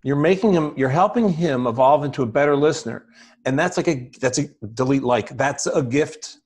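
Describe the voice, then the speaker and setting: A man hosting a podcast interview, talking in an energetic, rambling way with frequent restarts and easy laughter. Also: fairly high pitch, moderate pace, husky. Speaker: podcast host.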